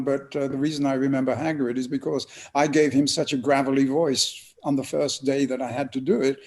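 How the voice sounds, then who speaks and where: An older man, an actor and narrator, telling lively anecdotes and acting out voices in an interview. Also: mid-range voice, creaky. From England. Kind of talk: storytelling interview guest.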